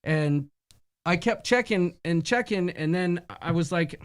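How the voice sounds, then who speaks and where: A man's voice: a little high, lively intonation, a little slow, clear, resonant tone. Chatty joking man co-hosting. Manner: jokey, chatty. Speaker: co-host. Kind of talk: casual live-stream chat.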